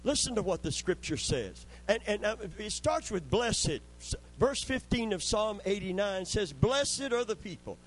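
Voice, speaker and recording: A man's voice: high voice, very animated, unhurried, poor audio. A man preaching a sermon with fervent, call-and-response delivery, often calling for amens.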